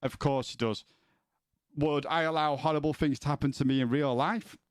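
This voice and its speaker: A man's voice: fairly high pitch, fairly even intonation, moderate pace, clean tone, no echo, studio quality. A man streaming from home, chatting casually with his viewers, rambling and swearing, often stumbling as he starts a sentence. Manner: sweary, rambling, repeats words when starting.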